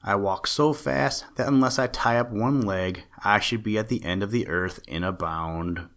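A man's voice: fairly low pitch, moderate pace, fairly bright tone. A man voicing a swift one-legged runner. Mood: matter-of-fact. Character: swift-footed man hopping on one leg.

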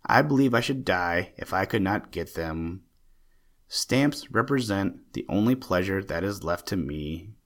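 A man voicing a fussy, excitable old male stamp collector with a chattering, genteel manner. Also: low-pitched, measured pace, heavily acted. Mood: earnest. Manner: chattering, genteel, easily indignant.

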